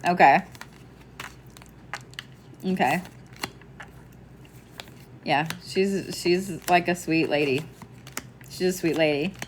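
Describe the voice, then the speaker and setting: A woman with a fairly low voice gives live psychic readings in a loose, chatty way. She laughs easily and drops the odd swear word. A faint hiss sits under the recording. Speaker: psychic medium.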